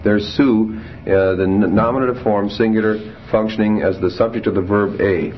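A man teaching a Greek grammar class, reading Greek examples slowly and then explaining them with fillers. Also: fairly low pitch, fairly even intonation. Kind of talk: classroom lecture. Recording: dull lo-fi classroom tape, faint hiss.

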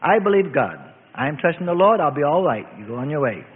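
A preacher voices a pious, stubborn man who keeps refusing help in high, lively protests. His voice is slightly husky. It echoes in a long hall reverb through a tinny radio line. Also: fast. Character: stubborn devout older man on a flooded roof.

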